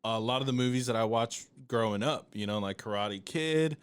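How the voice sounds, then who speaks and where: A man's voice: medium pitch, moderate pace, clear, resonant tone. A man hosting a casual podcast who rambles and hesitates, with lots of fillers and restarts, and swears casually. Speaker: podcast host. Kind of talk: casual chat.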